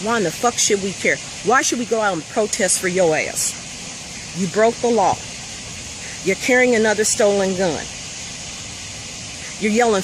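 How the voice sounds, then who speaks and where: A woman, a mother, in an impassioned rant, blunt, profane and emphatic, talking inside a vehicle. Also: fairly high pitch. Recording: steady vehicle noise behind.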